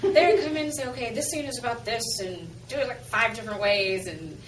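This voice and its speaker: A woman's voice: on the high side, fairly quick, slight background noise. A woman in her thirties, a voice actress, chatting casually and giggly in an interview, with many filler likes. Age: 30s. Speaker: voice actress guest. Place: public press event. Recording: echoey distant mic with loud crowd.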